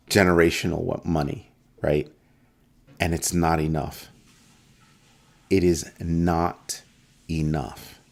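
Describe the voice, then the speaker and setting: A middle-aged man from New York hosting a crypto show, talking to viewers in an emphatic way and repeating his points for stress. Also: low-pitched. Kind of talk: casual talk to viewers.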